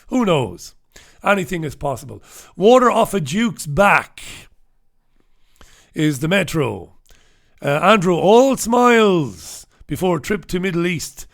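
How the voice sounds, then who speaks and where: A man's voice: fairly high pitch, vocal fry. A middle-aged man, hosting a casual, humorous newspaper review, full of irreverent swearing and chuckling asides.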